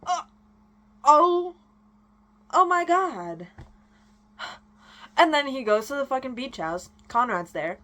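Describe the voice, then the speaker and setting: A young woman vlogger ranting in casual chat, animated and swearing freely. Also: high-pitched, takes it slowly, pauses often.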